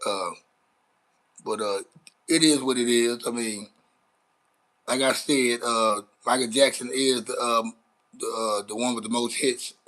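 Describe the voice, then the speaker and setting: Bright-voiced man hosting a rambling live stream. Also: medium pitch, steady tone, a little slow, pauses often, low-quality recording. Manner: rambling, profane, chats with viewers. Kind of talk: casual live-stream commentary. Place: Dallas, Texas.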